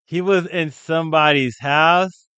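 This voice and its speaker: A man's voice: on the high side, steady tone, unhurried, music in the background. A man giving blunt, slangy commentary in a casual reaction video. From United States.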